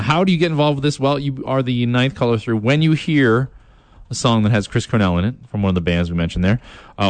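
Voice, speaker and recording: A man's voice: on the low side, dry recording. A male radio DJ talking in a chatty, rambling way, with fillers and repeats, from a radio studio on a close mic. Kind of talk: upbeat radio DJ patter.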